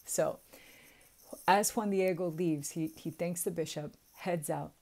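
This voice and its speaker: A woman with a Southern US accent casually retelling a sacred story, chatty and quick to laugh at her own jokes. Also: fairly low pitch, dark tone. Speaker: spiritual storyteller.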